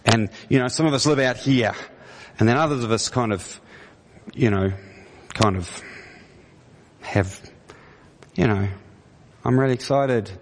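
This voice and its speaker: A man's voice: medium pitch, measured pace, long pauses, a little hiss or hum. A man preaching a conversational sermon in a church, often restarting his words and rising into emphatic questions. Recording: long hall reverb.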